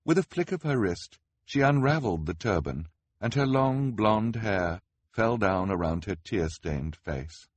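Husky, lively male audiobook narrator. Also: fairly low pitch, a little slow, dry recording. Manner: wry and expressive. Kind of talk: scripted storybook narration.

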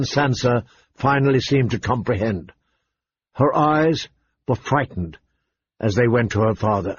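Husky man reading a story aloud. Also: medium pitch, a little slow, long pauses, lo-fi sound. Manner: steady storytelling. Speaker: narrator. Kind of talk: audiobook reading.

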